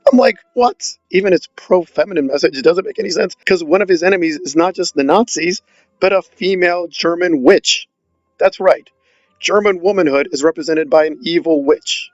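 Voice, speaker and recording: A man's voice: on the high side, moderate pace, no echo, dull audio, faint music behind. A man giving a sarcastic, exasperated film review, mocking the movie as he goes. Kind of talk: opinionated film review monologue.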